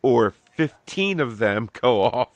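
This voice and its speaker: Gravelly man hosting a loose podcast. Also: mid-range voice, big pitch swings, no echo. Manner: loose and profane, asks quick questions. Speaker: podcast host. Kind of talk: casual chat.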